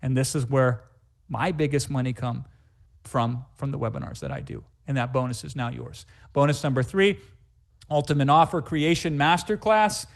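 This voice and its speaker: A man presenting a live webinar sales pitch as a sales trainer, emphatic and hype-driven, rattling off repetitive lists. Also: very animated, normal speed, creaky.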